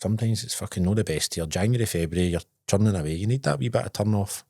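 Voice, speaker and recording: Laid-back Scottish man, low voice. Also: fast, vocal fry, mellow, dry recording, clean studio sound. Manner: laddish, sweary storytelling with bursts of laughter. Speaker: podcast co-host. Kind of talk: casual chat.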